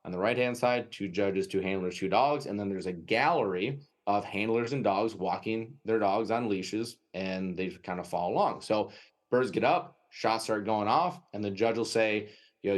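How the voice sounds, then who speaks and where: A man with a Wisconsin accent, a guest telling a lively anecdote in an interview and often tagging his sentences with "right?". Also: lowish voice, moderate pace. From United States. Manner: lively anecdotal storytelling, frequent "right?" tags. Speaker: guest, dog trainer. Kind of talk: storytelling interview.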